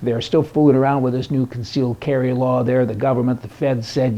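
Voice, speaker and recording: A man's voice: mid-range voice, steady tone, normal speed, hardly any pauses. A man hosting a conservative news commentary show, sarcastic and folksy, chuckling at his own jokes. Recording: dull lo-fi recording.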